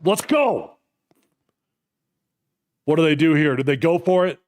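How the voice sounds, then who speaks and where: A man's voice: a little high, quick pace. Fired-up man reacting to football live. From United States. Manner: animated, shouting at the game, fired up and nervous. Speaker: host of a live watch party stream.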